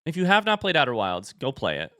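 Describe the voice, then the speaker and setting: A man's voice: mid-range voice, wildly swooping pitch, fast talker, pushed and bright, dry recording, clean studio sound. A young man streaming a game live, chatting and joking with his viewers, out of breath after running upstairs. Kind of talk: casual live-stream chat.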